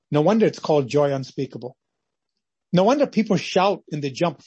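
Male preacher, husky and fairly high, dry close recording, dramatic storyteller. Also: expressive, a little fast, warm tone, no room sound. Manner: dramatic storytelling, acts out scenes. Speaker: pastor. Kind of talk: devotional sermon.

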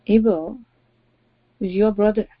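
A woman's voice: mid-range voice, steady tone, slow pace, dry recording. A woman pastor preaching a sermon, stressing her points by repeating phrases. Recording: dry, dull lo-fi audio.

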